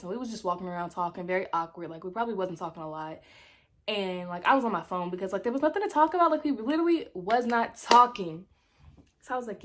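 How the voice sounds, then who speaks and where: A young woman telling a story to her camera in a loose, chatty, slangy way. Her voice swings from low, quiet asides to sudden high, dramatic exclamations. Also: quick pace. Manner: animated, chatty, dramatic pitch jumps when telling the story; slangy casual speech. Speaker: vlogger. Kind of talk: storytime vlog.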